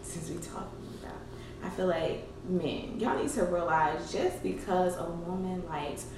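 A woman's voice: fairly low pitch, steady tone, unhurried. A woman co-hosting a candid casual chat, telling a profane story and laughing often. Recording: echoey room, distant mic, faint noise.

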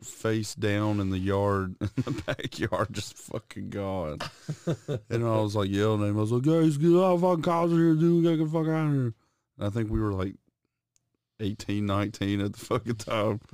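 A man's voice: fairly low pitch, a little mellow, smooth, no echo. A man co-hosting a podcast, telling a loose, profane story in casual chat. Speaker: podcast co-host.

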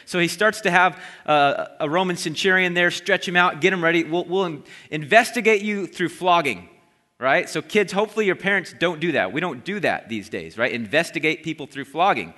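A man preaching a sermon, retelling a Bible story in a lively storytelling way and briefly acting out the voices of the crowd. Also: fairly high pitch, fairly quick, hardly any pauses. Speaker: pastor. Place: church sanctuary. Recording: long hall reverb.

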